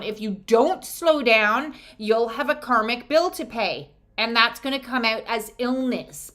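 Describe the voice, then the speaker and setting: Middle-aged woman, oracle card reader, casual and chatty, blunt and salty, slightly higher voice. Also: fairly bright tone. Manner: chatty, blunt, swears freely, laughs often. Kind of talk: casual spiritual card reading.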